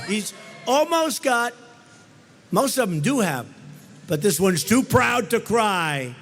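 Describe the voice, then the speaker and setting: A man's voice: sits high, very animated, takes it slowly, pauses often, a bit bright, faint music behind. A man giving campaign rally speeches, telling boastful stories in repetitive, punchy short phrases. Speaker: president speaking at rallies and events. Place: large rally halls and arenas. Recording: long reverb of large rally venues.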